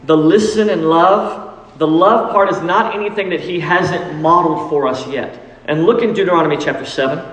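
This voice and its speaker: Man, pastor, emphatic sermon delivery, fairly high voice, echoey church hall. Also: moderate pace, fairly bright tone. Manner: emphatic, rises for acted pleas. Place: church sanctuary. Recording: echoey hall with long reverb.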